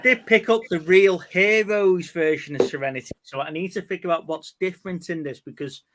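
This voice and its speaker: A man's voice: high-pitched, a little fast, a bit bright. A man hosting a casual chat about things he picked up, rambling and laughing easily. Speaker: host.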